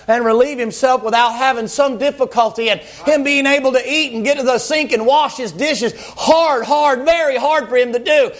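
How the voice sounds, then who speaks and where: A man preaching a sermon, telling a story dramatically in long repetitive lists and bursting into shouts. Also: extremely high pitch.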